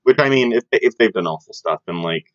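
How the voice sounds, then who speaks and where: A man's voice: on the low side, lively intonation. This is a young man who talks in a loose, rambling way and jumps from one joke to the next. He sounds like he's chatting with a friend on a podcast. The audio is dull and lo-fi, and the sound is dry, with no room echo. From Southern United States. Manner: rambling, jokey, quick to laugh. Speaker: podcast co-host. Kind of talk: casual chat.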